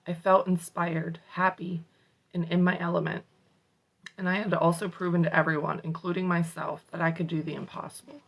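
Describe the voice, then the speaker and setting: A woman's voice: fairly low pitch, level tone, normal speed, creaky, rough recording. A woman hosting a morning motivation show, reading a self-help book aloud with casual, salty asides. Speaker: motivational host.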